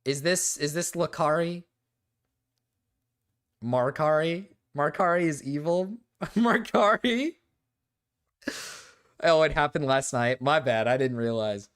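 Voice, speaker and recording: A young man streaming live, chatting casually and reacting defensively, moving between low mumbles and loud protests. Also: a little slow, clear, resonant tone.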